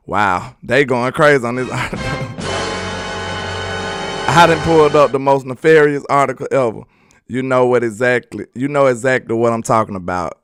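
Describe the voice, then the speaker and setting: A man's voice: medium pitch, clean tone, no room sound, studio quality. A man from Alabama with a Southern accent hosting a casual, joking sports talk show and chatting loosely with his viewers. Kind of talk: casual live sports commentary.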